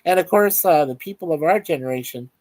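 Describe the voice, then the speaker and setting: A man's voice: a little high, animated, a little fast, a little mellow, no room sound. A man hosting a casual live stream, reading out viewer comments in a chatty, upbeat way. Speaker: show host.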